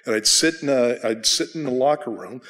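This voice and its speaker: A man's voice: mid-range voice, fairly quick, fairly bright tone, big-room sound. A male pastor teaching a Bible study in a loose, self-deprecating way, often restarting his sentences. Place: church sanctuary.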